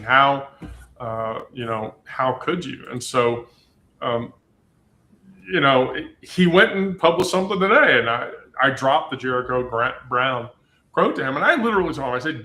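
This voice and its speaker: Male podcast host, bright tone, meandering casual talk, echoey room. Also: mid-range voice. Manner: rambling, many ums and you-knows. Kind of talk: casual chat.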